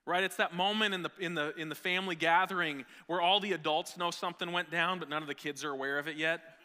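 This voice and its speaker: A man preaching a sermon as pastor, animated, with jokey asides and acted-out scenes. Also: a little high, fast. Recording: long hall reverb.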